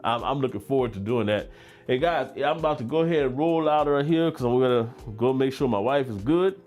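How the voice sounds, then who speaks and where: A middle-aged man with a Louisiana drawl, relaxed and talkative, hosting a fragrance livestream at a medium pitch. His voice comes with faint music playing underneath. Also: a little fast, narrow, tinny audio. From Baton Rouge, Louisiana. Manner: laid-back, chatty, reads chat comments aloud with frequent laughs. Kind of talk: casual livestream chat.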